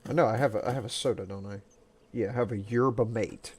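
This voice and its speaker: A man's voice: on the low side, quick pace, a little mellow, husky. A young man streaming a survival game, chatting casually with a friend in a rambling, joking way. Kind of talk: casual gaming chat.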